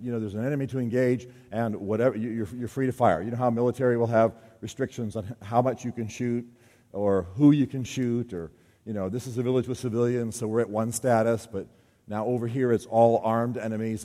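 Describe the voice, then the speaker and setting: A man addresses a room of men in a casual, joking way, slipping into the voices of people he quotes. His voice sits at an ordinary pitch. The sound rings with the long reverb of a large hall. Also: dark tone. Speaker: speaker at a men's gathering. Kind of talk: talk to a men's group.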